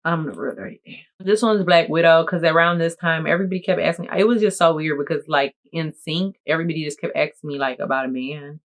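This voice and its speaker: A woman content creator chatting casually to camera in a playful, jokey, animated way. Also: deep voice, fast talker, hardly any pauses. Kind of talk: casual vlog talk to camera.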